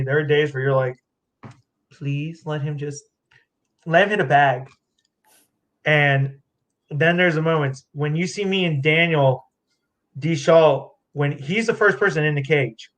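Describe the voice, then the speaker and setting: A man accepting an award, his voice sitting a bit high. He talks emotionally, close to tears, stopping and restarting his sentences. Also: a bit bright. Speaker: award winner, fighter.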